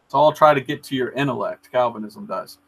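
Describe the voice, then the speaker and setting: A man in casual chat, telling a story in an earnest, animated way. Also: medium pitch, a little fast, breathy edge, poor audio. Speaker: storyteller in a live video chat.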